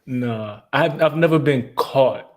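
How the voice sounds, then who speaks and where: A man's voice: medium pitch, slow pace. A man chatting casually on a podcast, blunt and slangy, often repeating his words mid-thought. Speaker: podcast co-host. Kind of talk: casual chat.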